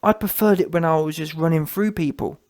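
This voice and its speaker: Man doing a mocking take on a bragging young male fighter, voice pitched high. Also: brisk, darkish tone, close to an everyday voice. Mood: boastful. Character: boastful young male boxer, cocky.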